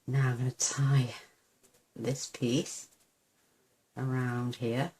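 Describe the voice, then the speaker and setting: Speaking in a rumbling low, flat, mellow voice and taking it slowly, a woman runs a laid-back papercraft tutorial from her desk. She chats as she works, raving about how cute each step turns out and making fun of herself.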